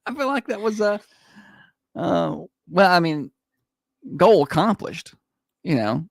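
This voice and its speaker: Man, morning radio co-host, teasing and jokey, expressive pitch, dry studio mic. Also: takes it slowly, gravelly, no echo. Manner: teasing, playful, often laughing. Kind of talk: casual on-air banter.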